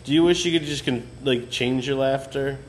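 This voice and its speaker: A man's voice: mid-range voice, normal speed, a little hiss or hum. A young man co-hosting a podcast in casual, rambling chat, laughing often. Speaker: podcast co-host.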